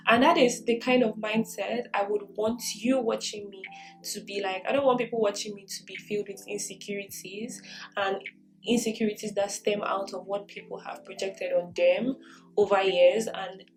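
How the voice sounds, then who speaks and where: Young woman vlogger, chatty and encouraging, laughs a lot, soft music behind. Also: mid-range voice, fairly even intonation, moderate pace, rough recording. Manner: earnest, encouraging, laughs often. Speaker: lifestyle vlogger. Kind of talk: casual get-ready-with-me advice vlog. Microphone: camera mic while doing makeup.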